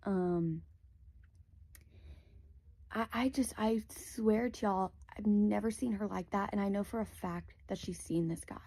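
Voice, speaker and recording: Young woman, casual storyteller, warm voice, dead-dry phone recording. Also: mid-range voice, a little slow, creaky, pauses often, no echo. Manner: rambling, lots of "like" fillers.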